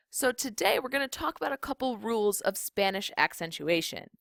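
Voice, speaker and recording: A young woman teaching a recorded video lesson, explaining rules clearly and slowing down on key points. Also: medium pitch, a bit bright, no room sound, clean studio sound. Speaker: Spanish teacher.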